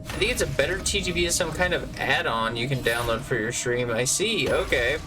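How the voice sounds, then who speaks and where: A man's voice: mid-range voice, expressive, a little fast, music in the background, rough recording. Joking Southern-accented male streamer. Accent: Southern US (Georgia). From Georgia, US. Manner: jokey, rambling, chats with viewers. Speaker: game streamer. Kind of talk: casual live-stream chat.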